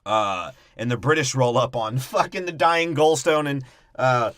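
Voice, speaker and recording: A young man co-hosting a comedy podcast, breaking down a movie plot in crude, profane riffs and quick mocking impressions. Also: mid-range voice, a bit bright, no echo, studio quality. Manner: crude, profane, jokey, mimics characters in quick voices. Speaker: podcast co-host.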